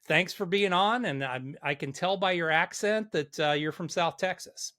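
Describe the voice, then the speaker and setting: A man's voice: a little high, moderate pace, sharp tone. A man hosting a podcast, introducing his guest and joking in friendly, casual banter. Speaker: podcast host. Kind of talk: casual interview chat.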